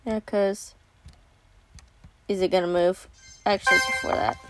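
A woman's voice: mid-range voice, fairly even intonation, a little slow, fairly bright tone, dry recording, faint music behind. A young woman casually commenting on a game she is playing, reading characters' lines aloud and swearing playfully. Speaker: game streamer.

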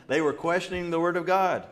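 Animated middle-aged man preaching a sermon. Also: a little high, moderate pace. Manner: animated, acts out quotes with laughs and asides. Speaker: pastor. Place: church sanctuary.

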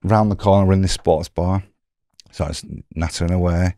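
Deep-voiced Englishman telling a story. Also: fairly quick, no room sound, clean studio sound. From England. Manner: animated, acts out dialogue in quoted voices. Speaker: podcast guest telling his story. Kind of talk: casual storytelling.

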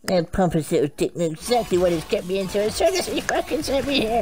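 A woman giving foul-mouthed, excitable gameplay commentary, swearing and shouting at the characters on screen. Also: mid-range voice, brisk. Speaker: gaming channel host. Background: game music.

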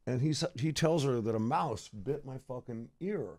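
A man's voice: medium pitch, moderate pace, a little mellow. A man in his fifties, a podcast guest telling stories in a laid-back way and swearing a lot. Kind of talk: casual chat.

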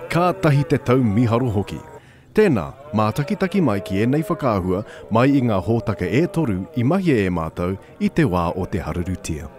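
A man narrating a hunting show in a formal, measured voice-over. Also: on the low side, big pitch swings, darkish tone, soft background music.

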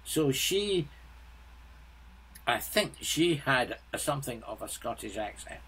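An older man in his seventies speaks as a guest in a relaxed interview. He talks slowly and bluntly, stopping and restarting his sentences. His voice sits at an ordinary pitch. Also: breathy edge, rough recording. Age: 70s. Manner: halting, blunt, frequent restarts. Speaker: guest composer. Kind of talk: casual interview chat.

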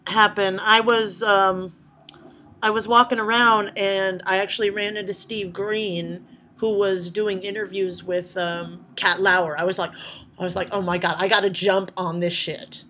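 A woman chatting casually to her vlog audience, swearing a lot as she tells animated stories. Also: mid-range voice, unhurried, a little hiss or hum. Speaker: vlogger. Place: indoors at night.

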